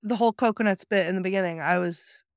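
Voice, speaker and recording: A woman's voice: mid-range voice, fast talker, clear, resonant tone, no echo, clean studio sound. A woman co-hosting a casual talk show, chatting animatedly and acting out quoted movie lines as she retells them. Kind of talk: casual chat about a movie.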